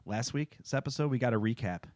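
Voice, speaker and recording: A man's voice: medium pitch, lively intonation, a little fast, darkish tone, dry recording. A man co-hosting a podcast in casual chat, joking and loose, a little tipsy. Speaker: podcast co-host.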